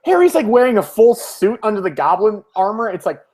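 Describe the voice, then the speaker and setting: A jokey co-host in casual comic book talk, tossing in quips and playful asides. The voice moves up and down a lot in a lively way. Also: medium pitch, brisk. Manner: jokey, throws in quips and mock character lines. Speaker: podcast co-host.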